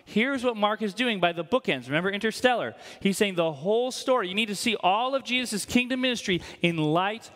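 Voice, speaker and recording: A man preaching a sermon in church, animated and conversational, quizzing the congregation. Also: high-pitched, brisk, hardly any pauses. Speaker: pastor. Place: church hall. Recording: long hall reverb.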